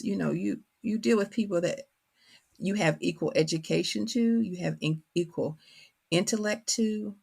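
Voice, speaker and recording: A woman's voice: fairly low pitch, gravelly, breathy edge. A middle-aged woman from Kentucky with a country accent, speaking thoughtfully as an author guest in a reflective interview conversation. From Kentucky, USA. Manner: thoughtful, searching for words.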